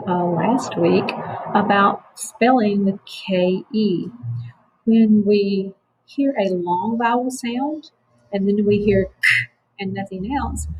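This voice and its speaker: A woman teaching a phonics lesson to children, slow, patient and encouraging. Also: medium pitch, darkish tone, slightly rough, poor audio.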